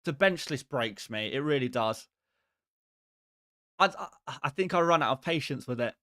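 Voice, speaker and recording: A man's voice: mid-range voice, expressive, normal speed, bright, forceful tone, dry recording, studio quality. A man hosting a live stream who chats casually with his viewers in a rambling, exasperated and self-mocking way.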